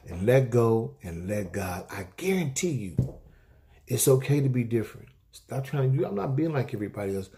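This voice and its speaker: A man's voice: mid-range voice, animated, moderate pace, warm tone. A middle-aged man hosting a weekly inspirational talk, preaching to viewers in an exhorting, repetitive way and calling out amens.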